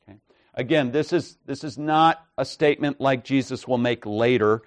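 A man preaching an expository sermon with measured, emphatic delivery, often checking in with "right?" and "okay?". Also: mid-range voice, no echo.

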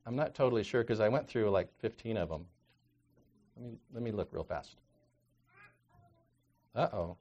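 A man preaching a sermon in a conversational way, reading scripture aloud and moving from quiet asides to loud, emphatic exhortation. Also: fairly low pitch, animated, moderate pace, pauses often, muffled recording. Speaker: counselor.

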